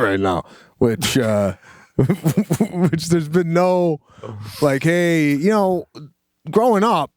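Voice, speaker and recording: A man's voice: medium pitch, clear, resonant tone, no echo, studio quality. A man co-hosting a podcast, chatting casually and chuckling now and then as he talks about parenting. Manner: relaxed, chuckling, talks about his daughter. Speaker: podcast co-host. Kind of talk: casual chat.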